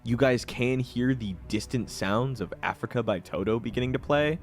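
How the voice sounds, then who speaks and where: A man's voice: medium pitch, moderate pace. A young man narrating a tabletop game as game master, laughing often in a loose, profane way.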